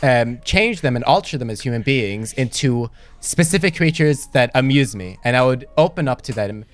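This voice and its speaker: A young man co-hosting a podcast, telling dark jokes in a deadpan, provocative way. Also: medium pitch, normal speed, faint music behind. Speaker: podcast co-host. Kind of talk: casual podcast banter.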